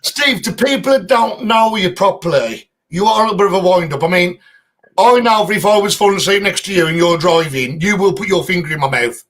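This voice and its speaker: A man's voice: high-pitched, a little fast, a bit bright. A man hosting a live stream, chatty and affectionate. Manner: chatty, affectionate, laughs often. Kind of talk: casual live-stream chat.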